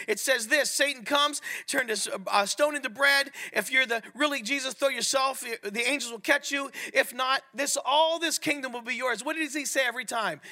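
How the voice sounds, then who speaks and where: A middle-aged man preaching a sermon at a men's ministry, animated and often asking the audience questions. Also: extremely high pitch. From Italian heritage. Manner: animated, asks the crowd questions.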